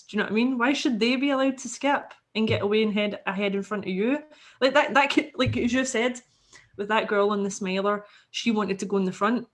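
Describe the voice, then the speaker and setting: A woman's voice: medium pitch, fast talker. A Scottish woman, a podcast guest, telling a story casually and animatedly, swearing freely and acting out the people she quotes.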